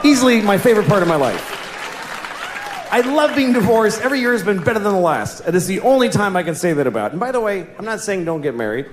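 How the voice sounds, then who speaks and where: An American man doing a stand-up comedy set, animated and shouting his punchlines. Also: high-pitched, fast, some chatter behind, a little hiss or hum. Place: comedy stage before a live audience. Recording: roomy live venue recording from a distance. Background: audience laughter.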